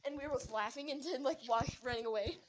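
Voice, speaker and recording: Young-sounding high woman, casual rambling storyteller, excitable, faint background noise. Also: fast talker. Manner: rambling, excited, many restarts.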